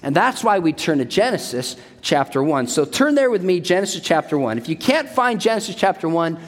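A man delivering a sermon, telling jokes and stories with lively energy. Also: sits high, fairly quick. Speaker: speaker. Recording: long hall reverb.

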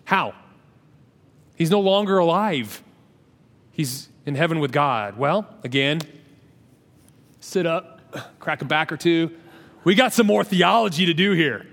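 High-voiced preacher man in echoing hall. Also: normal speed, long pauses. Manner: animated, calls on the congregation to answer and speak along, joking asides. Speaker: pastor. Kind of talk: sermon. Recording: long reverb of a large hall.

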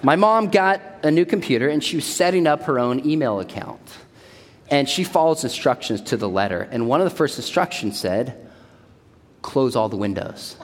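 A man delivering a sermon, telling jokes and stories with lively energy. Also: fairly high pitch, brisk, a little hiss or hum. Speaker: speaker. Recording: long hall reverb.

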